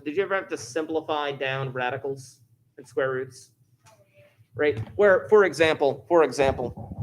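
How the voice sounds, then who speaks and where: A middle-aged male math teacher with a voice on the high side records a lesson. He talks students through each step in a playful, animated way.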